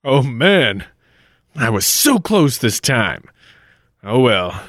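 A man's voice: mid-range voice, very animated, takes it slowly, background noise. A man playing a friendly, bumbling grail hunter in a 1940s-style radio play, easygoing and a little stammering. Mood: deflated.

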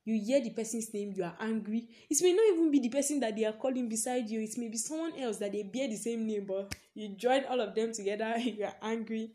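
A woman's voice: a little high, fast, few pauses, mellow. Chatty young woman podcaster. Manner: chatty storytelling, leans on "basically", laughs often. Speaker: podcast host. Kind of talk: casual personal podcast monologue.

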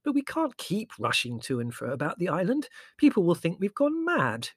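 A man voicing a vague, fussy middle-aged mother who is mild, flustered and gently reproving. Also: sits high, wildly swooping pitch, normal speed, dry recording, pitched above the performer's own voice, full character voice.

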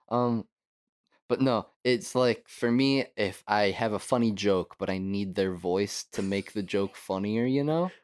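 A young man with a somewhat low voice chats loosely as a podcast co-host. He rambles, laughs often and lets his sentences trail off. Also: a little slow. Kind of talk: casual chat.

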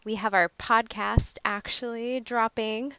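A woman's voice: fairly high pitch, fairly even intonation, unhurried, pushed and bright, smooth, no room sound. A woman guest on a podcast, chatty and laughing often as she talks about sports journalism. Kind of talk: casual chat.

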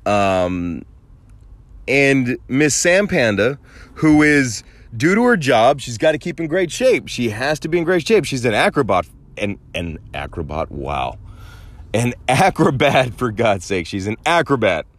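A man's voice: mid-range voice, a little slow, dry recording. A man hosting a podcast, rambling through a crude, joking monologue. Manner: rambling, crude, animated storytelling. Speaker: podcast host. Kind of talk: casual monologue.

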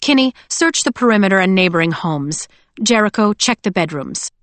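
A woman narrator doing an older sorceress who gives orders in a measured, imperious tone. Her voice sits a little higher and sounds thinner than the narration. An audiobook character with cool authority. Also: lively intonation, no echo, close to an everyday voice. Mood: commanding.

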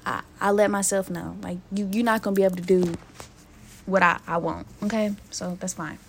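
A young woman talks straight to her listeners in a raw, profane solo podcast vent. Her voice sits at an ordinary middle pitch for a woman, and her talk is loose and conversational. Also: fairly even intonation, brisk, a little hiss or hum. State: emotionally hurt, near tears. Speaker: podcast host. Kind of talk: casual solo podcast venting.

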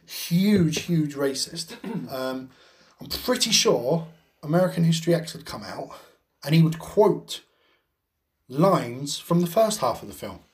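A man's voice: on the high side, expressive, measured pace, darkish tone. A man with a blunt, sweary, rambling way of talking, telling a story in a casual podcast chat. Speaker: podcast co-host.

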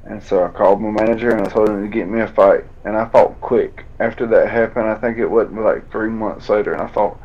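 A man, a fighter telling a painful story in an interview, drawling and halting as he acts out old conversations. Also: on the low side, steady tone. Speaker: bare-knuckle fighter guest. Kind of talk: emotional storytelling in a podcast interview. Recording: dull lo-fi audio.

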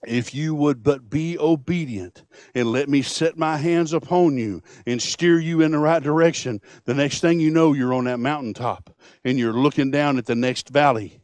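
A man voicing the Holy Spirit as a gentle, fatherly presence that speaks softly. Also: fairly high pitch, normal speed, dry recording, lightly acted. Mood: tender.

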